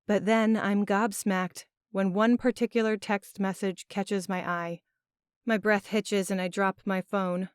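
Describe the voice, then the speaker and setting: A woman narrating a first-person audiobook in an expressive, emotional storytelling manner. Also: medium pitch, unhurried, clear, resonant tone, no echo. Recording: dry, close studio sound.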